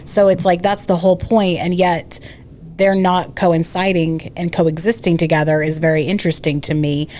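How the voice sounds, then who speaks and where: A woman's voice: fairly low pitch, little pitch movement, normal speed, a little mellow, a little hiss or hum. A woman co-hosting a podcast, engaged and asking her guest questions in casual chat. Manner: engaged, asks questions, reacts with surprise. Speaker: podcast co-host.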